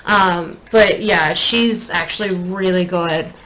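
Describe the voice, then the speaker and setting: A woman's voice: on the low side, slow, fairly bright tone, a little hiss or hum, low-quality recording. A young woman chatting casually at home while doing her makeup, thinking aloud and putting herself down as she gets more and more frustrated. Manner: self-deprecating, increasingly frustrated, thinking aloud. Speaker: beauty vlogger. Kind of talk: casual makeup tutorial chat.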